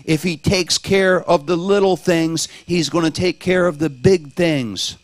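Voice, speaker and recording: A man giving a sermon in a steady, reassuring way. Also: fairly high pitch, a little slow, no echo. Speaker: preacher.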